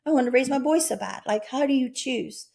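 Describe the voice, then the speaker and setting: A woman in her sixties, a guest in an interview, earnestly recounting her own near-death experiences, breaking into sudden high, loud bursts. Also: a little fast, creaky.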